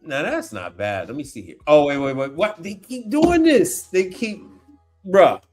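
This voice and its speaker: A man hosting a casual livestream, talking in an animated, slangy way, exclaiming and repeating himself as he reacts. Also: fairly high pitch, normal speed, soft background music. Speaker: appliance repair tech livestream host. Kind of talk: casual livestream chat while browsing online.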